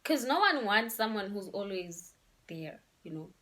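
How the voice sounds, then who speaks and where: A woman's voice: medium pitch, sing-song, measured pace, pushed and bright. A young woman, giving relationship advice in a casual, emphatic vlog and slipping in local words. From Eswatini. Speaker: vlogger.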